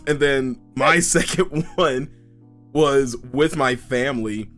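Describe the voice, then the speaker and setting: A man's voice: medium pitch, slow, a bit bright, soft background music. A man hosting a casual interview, laid-back, swearing freely and laughing often. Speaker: podcast host.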